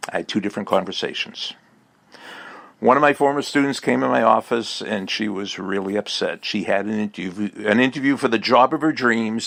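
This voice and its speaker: A man's voice: mid-range voice, vocal fry, fairly bright tone. A man giving a recorded motivational message as a speaker and teacher, emphatic and repetitive like a coach.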